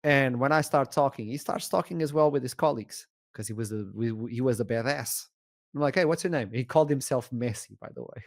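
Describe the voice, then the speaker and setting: A Portuguese-accented man, an esports shoutcaster, tells a story as a podcast guest, acting out the dialogue with lots of laughter and animation. His mid-range voice is slightly fast and creaky.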